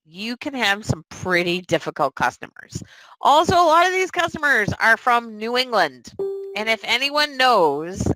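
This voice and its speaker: A woman's voice: on the high side, measured pace, no echo, faint music behind, rough recording. A young woman from the area, chatting through a recruiting webinar and acting out sample customer calls. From Boston area. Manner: chatty, animated, acts out sample calls in different voices. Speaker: webinar presenter.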